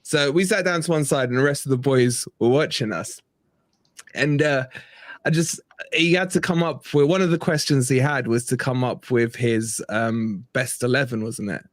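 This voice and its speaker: A man co-hosting a fan chat show, telling a lively anecdote and acting out quotes. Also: mid-range voice, moderate pace, no room sound, studio quality. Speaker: fan channel co-host. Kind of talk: casual storytelling chat.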